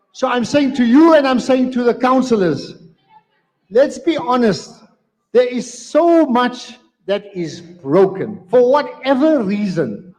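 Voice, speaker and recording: A man's voice: very high voice, darkish tone. A man moderating a live debate, talking emphatically and repeating phrases to hold the room. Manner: emphatic, repeats phrases, firm but apologetic. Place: community centre hall, live event. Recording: long hall reverb.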